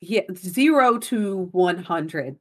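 A woman's voice: on the low side, animated, takes it slowly. A woman co-hosting a podcast, casually telling a story in a chatty way and laughing often. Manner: chatty, laughs often, apologetic about pronunciation. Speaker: podcast co-host.

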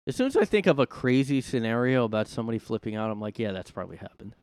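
A man's voice: medium pitch, sing-song, fast talker, a little mellow, clear, resonant tone, no room sound. A man hosting a casual solo podcast from his room, talking in a sarcastic, rambling way. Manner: sarcastic, rambling, mocks with put-on voices. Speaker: podcast host. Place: room at home.

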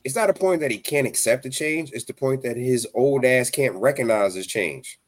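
A man's voice: mid-range voice, normal speed. A man co-hosting a casual wrestling podcast, crude and profane, joking and laughing easily. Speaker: podcast co-host.

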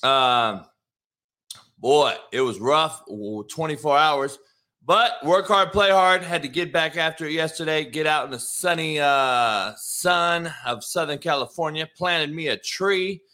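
A man's voice: on the high side, a little slow, pushed and bright. A man hosting a casual solo podcast, hyped and slangy, swearing freely. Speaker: podcast host.

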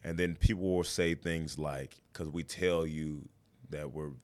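Comedian guest, man, deep voice, emphatic and lively in conversation. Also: a little slow. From United States. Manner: animated, emphatic storytelling with quoted voices. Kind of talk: casual chat.

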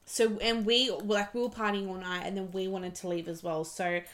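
A woman's voice: mid-range voice, little pitch movement, normal speed, a little hiss or hum. A young woman hosting a casual podcast, recounting a trip with friends. She talks loosely, full of likes and ums, swears freely, and laughs easily as she goes. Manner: chatty, swears freely, laughs often, many fillers. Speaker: podcast host. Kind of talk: casual storytelling chat.

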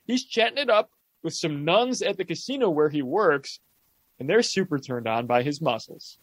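A man's voice: a little high, lively intonation, normal speed. A man co-hosting a podcast, recapping a movie plot with wry, joking commentary. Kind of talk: casual comedic movie commentary.

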